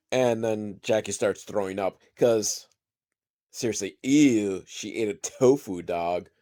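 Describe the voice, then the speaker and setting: A man's voice: fairly low pitch, darkish tone. A man giving a rambling, profane and sarcastic comedic recap of a film, wandering off into side stories.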